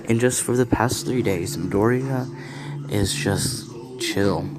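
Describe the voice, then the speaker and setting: A man's voice: lowish voice, slow pace. A man casually narrating a fan story, rambling and restarting his sentences often.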